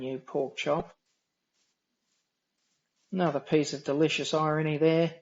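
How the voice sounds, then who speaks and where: An Australian man with a nasal, droning voice talks through a game at a slow, even pace. His delivery is dry and wry, with little rise and fall in pitch, and his voice sits a touch high. The stream audio sounds dull and lo-fi. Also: a little hiss or hum. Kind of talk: casual gameplay commentary.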